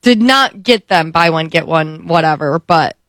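A woman's voice: deep voice, expressive, a little slow, fairly bright tone, no room sound. A woman co-hosting a radio show, telling an anecdote with giggles in casual studio banter.

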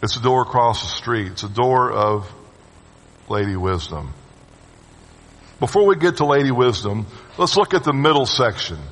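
A man preaching a sermon to his congregation. His voice swings from loud urging to hushed, low phrases, and he calls on the listeners to answer him. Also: expressive, moderate pace, pauses often. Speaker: pastor. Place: church sanctuary with long reverb. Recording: reverberant church hall sound.

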